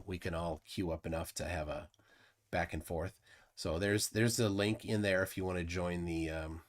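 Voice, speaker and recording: A man's voice: low voice, dark tone. A man hosting a live stream in casual chat, rambling with many restarts and fillers. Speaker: livestream host.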